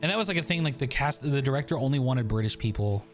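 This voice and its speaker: A man's voice: mid-range voice, lively intonation, quick pace, music in the background. Rambling, foul-mouthed male streamer. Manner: rambling, swearing, tangents. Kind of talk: casual gaming commentary.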